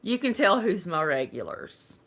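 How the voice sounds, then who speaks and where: A woman's voice: on the low side, wildly swooping pitch, unhurried, creaky, fairly bright tone. A woman from Alabama with a Southern accent, chatting casually and rambling on a live stream, laughing often. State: unwell.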